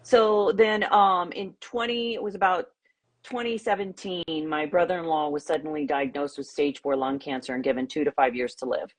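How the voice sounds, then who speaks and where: Husky-voiced woman guest telling her story. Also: low voice, steady tone, normal speed. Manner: candid, storytelling. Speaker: nurse and organization founder, guest. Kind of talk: casual interview.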